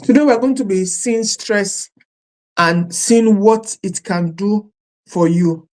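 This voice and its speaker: A woman's voice: medium pitch, takes it slowly, a little mellow. A woman life coach leading a live-streamed session, who repeats her questions to viewers and stresses the words she lists. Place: streaming live at home or studio.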